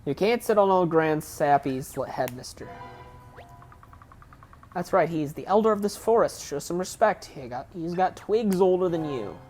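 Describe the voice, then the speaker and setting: A woman voicing a grumpy old male tree elder in a put-on Southern US drawl, slow and scolding. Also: on the low side, expressive, dark tone, soft background music, close to an everyday voice.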